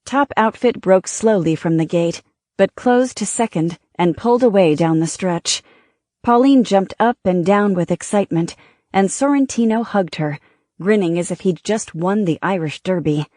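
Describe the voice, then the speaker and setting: A woman narrating an audiobook in a steady, measured storytelling manner. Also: medium pitch, no echo, studio quality.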